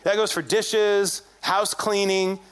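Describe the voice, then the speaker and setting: A man preaching to his congregation with a fairly high voice. He tells stories casually and speaks to the room directly, acting out the voices of people in the story. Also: takes it slowly, clean tone. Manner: animated storytelling, acts out quoted dialogue; conversational, addresses congregation directly. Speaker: pastor. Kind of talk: sermon.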